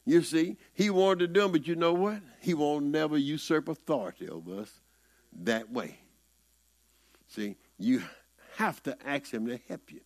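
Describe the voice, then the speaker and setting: Lively folksy Southern preacher man. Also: fairly high pitch, moderate pace. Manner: conversational preaching, rising and falling, folksy. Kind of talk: sermon.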